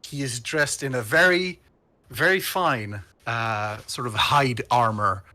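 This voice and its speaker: A man's voice: medium pitch, takes it slowly, sharp tone, no room sound. A man narrating as game master of a tabletop game, rambling with many fillers.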